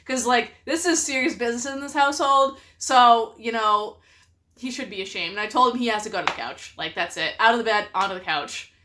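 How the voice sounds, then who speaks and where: Bright-voiced laughing woman vlogger. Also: a little high, fairly quick. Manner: animated, laughing often. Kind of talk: casual storytelling to camera.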